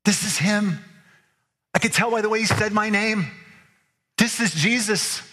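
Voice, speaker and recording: A man's voice: sits high, measured pace, sharp tone. Man, pastor, sermon, earnest, probing rhetorical questions, long hall echo. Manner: earnest, presses listeners with repeated questions. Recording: long reverb of a large hall.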